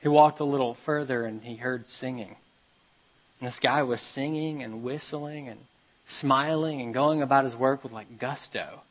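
A man preaching a sermon, reading scripture aloud and telling a parable, moving between loud urgent passages and quiet hushed ones. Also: mid-range voice, moderate pace, rough recording. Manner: reads scripture aloud and tells a parable with kid voices. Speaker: pastor.

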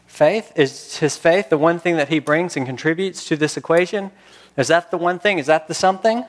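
A man's voice: mid-range voice, long reverb tail. A man preaching a sermon, reading scripture and talking in a conversational way with rhetorical questions. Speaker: pastor.

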